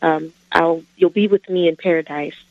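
A woman's voice: on the low side, fairly even intonation, moderate pace, dry recording. A woman calling in to a radio show with a Bible question, hesitant and full of fillers. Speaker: caller. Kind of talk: call-in question over the phone. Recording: muffled phone line.

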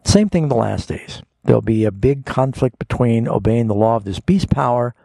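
Husky gravelly pastor answering callers. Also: male voice, medium pitch, lively intonation, dark tone, dry recording. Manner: earnest explaining, slows down to read scripture aloud. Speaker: pastor and radio call-in host. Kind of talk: radio Bible call-in answers.

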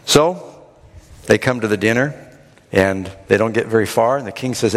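A man preaching a sermon, retelling a scripture story in an animated, dramatic way. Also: fairly low pitch, brisk, big-room sound. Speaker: pastor.

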